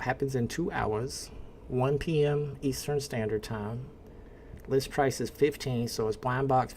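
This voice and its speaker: Man, Indiana accent, livestream host, casual chat, answers chat comments, medium pitch. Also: a little mellow, a little hiss or hum.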